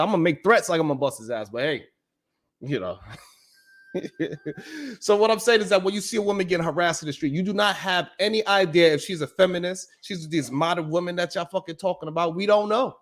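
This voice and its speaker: A man hosts a live stream, talking straight at his audience in a rough, profane, emphatic way. His voice sits a little high for a man. He keeps circling back with "you know what I'm saying" as he drives each point home. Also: animated, fast talker. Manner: blunt, profane, emphatic street talk. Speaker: live-stream show host. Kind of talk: casual monologue to a live audience.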